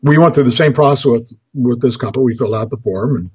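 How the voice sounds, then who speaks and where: A very husky, breathy man talks about budgeting as a financial counselor. He rambles, restarts his phrases and chuckles along with his own stories. The recording is dry and close, with a dull lo-fi sound. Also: mid-range voice, fast talker, no room sound. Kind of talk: storytelling talk on budgeting.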